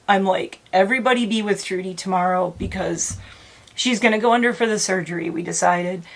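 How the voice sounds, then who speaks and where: A woman's voice: medium pitch, a bit bright. A middle-aged woman talking to camera from home, earnest and rambling, close to tears. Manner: earnest, rambling, self-correcting. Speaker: vlogger. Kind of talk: emotional casual vlog.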